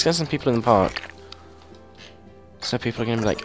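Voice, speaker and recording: A young man giving casual, excitable commentary as he plays a game and thinks aloud into a mic held very close to his mouth. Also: medium pitch, fairly quick, long pauses, soft background music. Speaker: gameplay video host.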